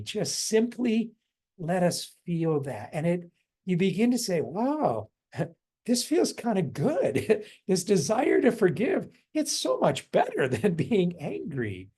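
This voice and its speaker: A man leading a forgiveness workshop indoors, speaking gently with frequent chuckles and meandering asides, then softening into quiet repeated meditation phrases. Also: on the high side. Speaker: workshop leader. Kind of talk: guided meditation teaching. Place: a room indoors.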